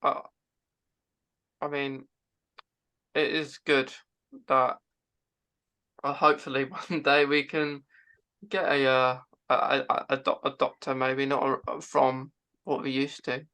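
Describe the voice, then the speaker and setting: A man, a podcast guest, talking in a halting way with many repeated words. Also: mid-range voice, little pitch movement, sharp tone, clear, resonant tone. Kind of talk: casual chat.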